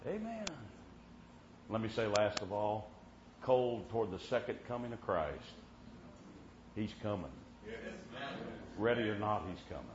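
Preacher man telling stories, loud then hushed, dull lo-fi sound w/ a bit of hiss. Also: on the low side, expressive, measured pace, long pauses. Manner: folksy, punctuates with amen, swings loud to hushed. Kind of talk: sermon storytelling. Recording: muffled lo-fi with faint hiss.

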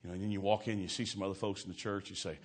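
A man's voice: deep voice, little pitch movement, very fast. A middle-aged man preaching an evangelistic sermon, folksy and exclamatory, telling stories and acting out the voices in them.

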